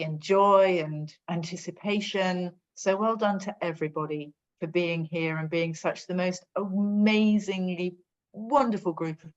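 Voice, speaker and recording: A woman giving a heartfelt, effusive testimonial on a group call. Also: fairly low pitch. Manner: emotional, effusive. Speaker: guest participant. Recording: dull lo-fi call audio.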